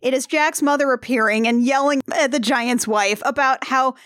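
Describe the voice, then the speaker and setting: A woman's voice: sits high, normal speed, a bit bright, dry recording, clean studio sound. A woman in casual chat, recapping a musical, laughing often and acting out the characters' lines.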